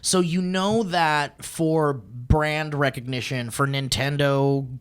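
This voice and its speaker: A man hosting a podcast in casual chat, animated and swearing freely in rapid bursts. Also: a little high, smooth. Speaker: podcast host.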